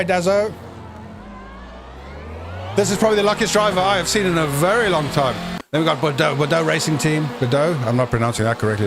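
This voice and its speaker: Man, live sim race commentary, jokey, excitable, high pitched, noisy mix. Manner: excitable, jokey, bursts into shouts at crashes.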